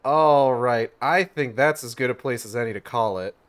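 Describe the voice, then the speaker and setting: A co-streamer making quiet, offhand remarks while playing a game. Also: medium pitch, moderate pace. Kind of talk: casual game stream chat.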